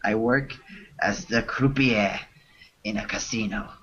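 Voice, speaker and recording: A man putting on a fake French accent, broken English spam lady, slow drawl, bright voice, muffled stream audio. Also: fairly low pitch, slightly rough. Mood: hammy. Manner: broken English, read out with laughs.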